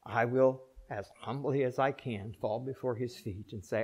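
An older man preaching a sermon as pastor, rising to loud emphatic peaks and dropping to soft, slow, drawn-out pleas. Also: mid-range voice, steady tone, husky.

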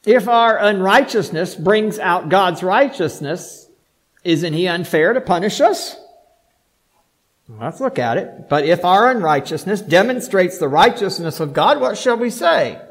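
A pastor delivering a sermon, preaching emphatically with rhetorical questions and shifting between soft asides and loud declarations. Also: male voice, high-pitched, animated, measured pace, rough recording.

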